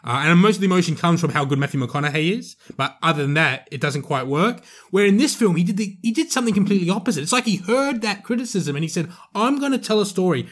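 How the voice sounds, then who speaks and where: A man reviewing a film with a friend on a podcast. His voice sits a little higher than most men's, and he talks in an emphatic, rambling way, circling back and correcting himself as he goes. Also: expressive, fast, few pauses. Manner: chatty, emphatic, self-correcting. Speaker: podcast co-host. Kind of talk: casual movie review chat.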